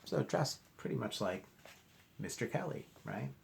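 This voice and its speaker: A male teacher reading a children's picture book aloud, animated and asking the class questions. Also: mid-range voice, unhurried, vocal fry, a little hiss or hum.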